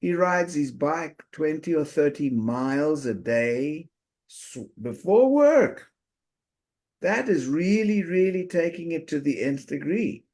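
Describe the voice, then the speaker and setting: A man hosting a coaching conversation, summarizing his guest's story with deliberate emphasis. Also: on the high side, expressive, darkish tone. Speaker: life coach host.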